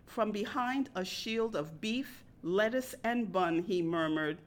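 A woman reading a personal story aloud in a wry, deadpan manner. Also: medium pitch, takes it slowly.

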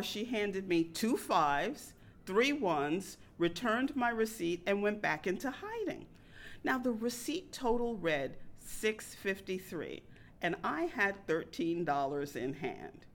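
A woman reading a personal story aloud in a wry, deadpan manner. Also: mid-range voice.

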